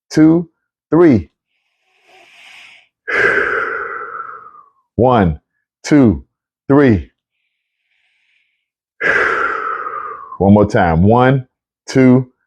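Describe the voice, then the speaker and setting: A man hosting a casual livestream Bible talk, chatty and excitable, often repeating himself as he greets viewers. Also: mid-range voice, dull audio. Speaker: online show host.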